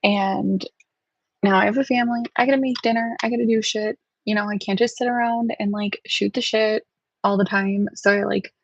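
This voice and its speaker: A woman's voice: mid-range voice, steady tone, normal speed, dry recording. A woman hosting a casual livestream from home, rambling and sensitive, swearing freely as she talks to her chat. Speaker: livestream host. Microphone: webcam livestream setup. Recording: dry, dull lo-fi stream audio.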